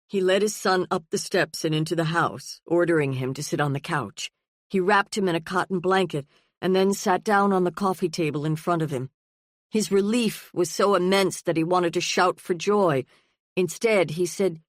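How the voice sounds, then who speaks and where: Audiobook narrator, woman, lowish voice, steady delivery, dry close sound. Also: moderate pace, no room sound. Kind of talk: scripted narration.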